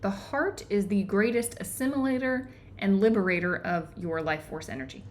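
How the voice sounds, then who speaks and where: A woman hosting an online book club, explaining ideas earnestly and often pausing to check in with her listeners. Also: medium pitch, a little hiss or hum. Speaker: book club host and teacher. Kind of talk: live online book discussion.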